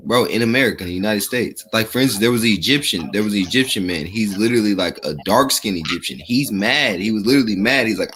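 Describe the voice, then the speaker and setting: A man's voice: on the low side, animated, fast talker, hardly any pauses, fairly bright tone. Defensive man saying "bro", faint noise. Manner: defensive, swears casually, says "bro" a lot. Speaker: caller challenging the host. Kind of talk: heated debate.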